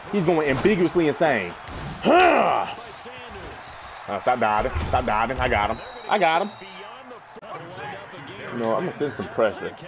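Hyped young man trash-talking over a game. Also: fairly high pitch. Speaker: gaming YouTuber. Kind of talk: live gameplay commentary.

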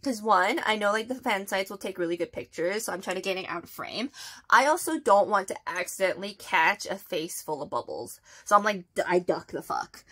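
A woman's voice: medium pitch, fairly quick. Chatty young woman vlogger. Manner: chatty, animated retelling with many fillers. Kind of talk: casual storytime vlog.

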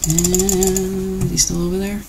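A woman's voice: medium pitch, level tone, measured pace, noisy background. Playful woman narrating a horror game. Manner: playful, jittery reactions. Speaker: gaming channel host. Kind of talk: let's play commentary.

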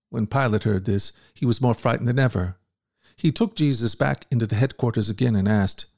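A man hosting a daily podcast, reading scripture aloud in a steady, earnest voice. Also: fairly low pitch, brisk, vocal fry, no room sound, studio quality. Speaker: host and Bible reader.

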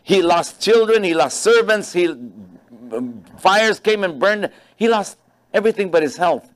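A man's voice: high voice, measured pace. A man preaching a sermon as a pastor, telling stories with animation and stressing key phrases. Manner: animated storytelling, acting out dialogue in voices.

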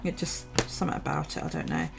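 Speaking at a quick pace over music, a UK woman chats casually through her journaling vlog. She's tired and yawns, rambling along with plenty of ums and restarts.

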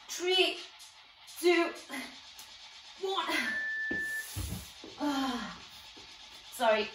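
A woman's voice: high-pitched, animated, extremely slow, long pauses, echoey room, recorded from a distance, soft background music, poor audio. A woman fitness instructor coaching a home workout, encouraging and counting down while exercising along, a little out of breath.

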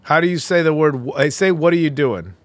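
A man's voice: fairly high pitch, animated, a little fast. A man co-hosting a comedy podcast, ranting in an incredulous, profane way during casual banter. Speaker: comedian co-host.

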